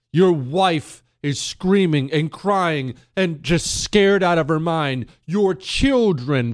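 A man hosting a talk radio show, telling a story in a dramatic monologue that swings between hushed and emphatic. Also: sits high, no echo, clean studio sound. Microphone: studio microphone.

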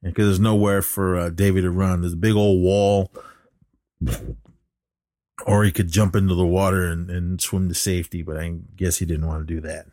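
Low-voiced man rambling through a recap. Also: little pitch movement, moderate pace, a little mellow, dry recording, studio quality. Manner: rambling retelling with many fillers, acting out lines. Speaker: podcast co-host. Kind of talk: casual movie recap chat.

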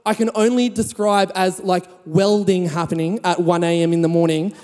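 A man preaching a sermon, telling a funny personal story with lively sound effects. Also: high voice, moderate pace, in a large hall.

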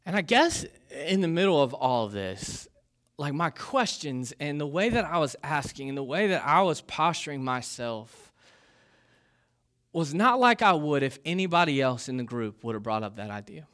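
A man's voice: a little high, big pitch swings, moderate pace, a bit bright. A young man giving a casual sermon as a pastor, joking and poking fun at himself, with plenty of ums and uhs. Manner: joking and self-deprecating, with many fillers.

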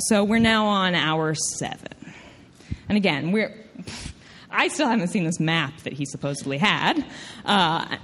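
Southern US woman, stage storyteller, lower voice, emphatic and self-mocking. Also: a bit bright. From Tennessee, US. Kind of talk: live storytelling.

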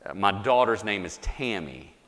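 A male pastor voicing a patient young mother who speaks gently to her little daughter, in a sermon story. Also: lowish voice, animated, normal speed, in a large hall, voice pushed down.

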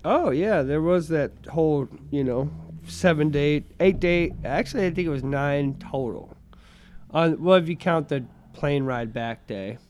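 A man's voice: fairly high pitch, a little slow, darkish tone, slight background noise. A man chatting as a podcast guest in a studio, laid-back and rambling, often trailing off mid-thought. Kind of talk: casual chat.

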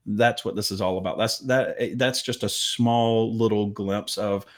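A man telling a story as a guest in an interview, earnest and halting with fillers. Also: fairly low pitch, steady tone. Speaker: medical missions guest.

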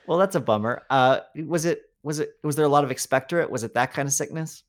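A man's voice: fairly high pitch, fast. A man co-hosting a casual podcast, teasing his friend and laughing easily. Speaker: podcast co-host.

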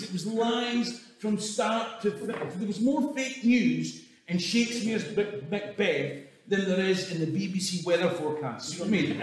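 A Scottish storyteller delivers an irreverent comic history talk, swearing and chuckling through his asides. His voice sits high, and he is recorded from far off in an echoey hall with slight background noise.

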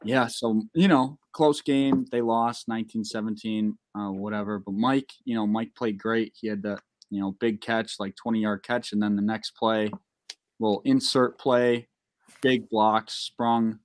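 A young man telling a long, profane, excitable story in a casual podcast chat. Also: lowish voice, a little slow. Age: young adult.

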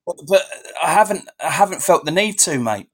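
Guy chatting fast, subdued but his pitch bounces around. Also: lively intonation. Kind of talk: casual chat.

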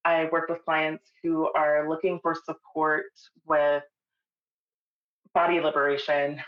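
A woman in her thirties from Texas, co-hosting a podcast and talking about herself in an unhurried way. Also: low voice, roomy sound, lo-fi sound. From El Paso, Texas. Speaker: podcast co-host. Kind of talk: casual podcast chat.

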